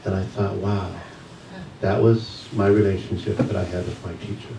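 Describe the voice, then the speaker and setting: A man who teaches yoga, giving a church message as a personal story, told with pauses and soft laughs. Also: on the low side, steady tone, gravelly, slight background noise. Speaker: guest speaker, yoga teacher. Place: church sanctuary. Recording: echoey hall, mic from a distance.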